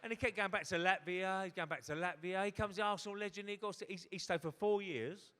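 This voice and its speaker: Middle-aged bloke telling a sweary comic story on stage, bright voice, big hall echo. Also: male voice, high voice. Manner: swearing, quick punchlines, acts out voices. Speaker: guest storyteller. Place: hotel ballroom stage. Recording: hall reverb at a live event.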